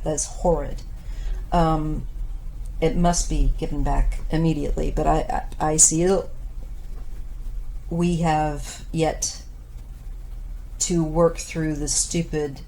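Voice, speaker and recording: Woman, 50s, tarot reader; low, dark, slow delivery with fillers, voice fading, faint background noise. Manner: unhurried, thoughtful, with frequent pauses and fillers. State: losing her voice. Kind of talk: casual tarot reading monologue.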